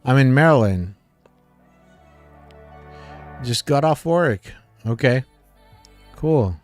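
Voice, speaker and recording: A man's voice: medium pitch, expressive, takes it slowly, soft background music. A man hosting a livestream, reading viewers' comments aloud in casual chat and laughing often.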